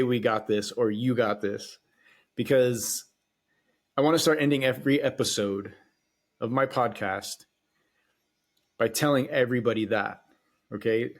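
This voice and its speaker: A man hosts his podcast alone in a casual monologue, speaking at an ordinary middle pitch. He's unhurried, with long pauses, and he rambles, swears freely, hesitates often and restarts his sentences.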